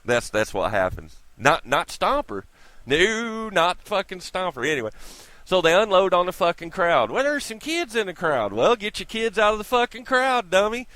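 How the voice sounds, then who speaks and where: An irritated man rants into a close mic, profane and sarcastic. His voice sits a little high and swings widely up and down as he mocks and scolds. The sound is dry, with no room in it. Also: very animated, moderate pace, pushed and bright, dry recording. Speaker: vlogger. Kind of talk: profane opinion rant.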